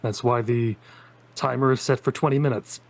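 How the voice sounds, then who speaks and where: A man playing a tabletop roleplaying game, calmly narrating what his character does. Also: medium pitch, normal speed, gravelly.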